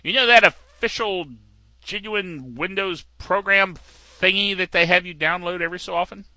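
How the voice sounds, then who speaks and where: Bright, rambling middle-aged male host. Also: high-pitched, normal speed, dry recording. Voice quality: slightly gravelly. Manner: rambling, digressive, chuckling at his own jokes. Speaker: tech podcast host. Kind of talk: casual tech news commentary. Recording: dull lo-fi dry recording.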